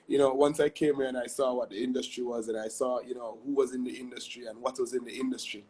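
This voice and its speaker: Casting note: young Jamaican man, husky tone, animated storytelling guest, peppers talk with tag questions. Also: medium pitch, fast. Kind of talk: casual interview chat.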